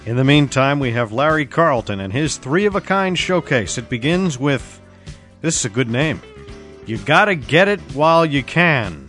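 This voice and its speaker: A man hosting a smooth jazz web radio show, chatting casually between tracks with self-deprecating asides. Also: medium pitch, expressive, moderate pace, a bit bright, faint music behind. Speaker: radio DJ host.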